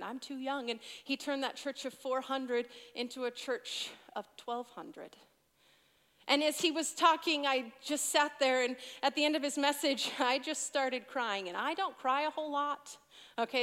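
A young woman in her twenties gives a sermon in a high, light voice. She talks like she is chatting with a room of teens, slipping in asides, and her words ring out with a long reverb from a big church hall. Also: a bit bright. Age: 20s. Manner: conversational storytelling with asides to teens. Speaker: youth pastor.

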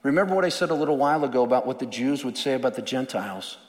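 A man's voice: medium pitch, animated, racing, darkish tone, big-room sound. A male pastor preaching a sermon in an earnest, emphatic way, often repeating words.

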